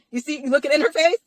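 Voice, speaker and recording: A woman's voice: high voice, dry recording, poor audio. A tired woman co-hosting a live-stream chat, emphatic and repetitive, swearing freely. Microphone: streaming mic.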